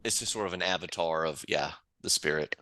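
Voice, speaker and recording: A man's voice: sits low, fairly quick, sharp tone. A man playing in a tabletop game, speaking hesitantly with many fillers. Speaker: player.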